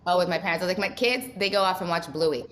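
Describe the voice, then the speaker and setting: Earnest, lower-voiced woman in conversation. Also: fast talker, a bit bright, a little hiss or hum. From Ukraine. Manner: earnest, talks in long run-on thoughts. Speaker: interview guest. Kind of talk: casual conversational interview.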